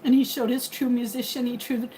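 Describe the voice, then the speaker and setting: A woman in her forties hosts a casual livestream and talks straight to her viewers. She rambles from one thought to the next and speaks openly and emotionally. Her voice sits a little high, with faint background noise behind it. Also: little pitch movement, fairly quick, mellow, low-quality recording. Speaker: livestream host. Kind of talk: casual chat with live viewers.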